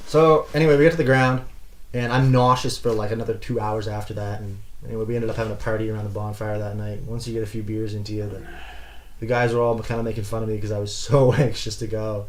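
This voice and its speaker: A young man co-hosting a podcast, telling a story in a casual, animated way. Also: lowish voice, fast. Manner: animated, laughs often, acts out shouted quotes. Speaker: podcast co-host.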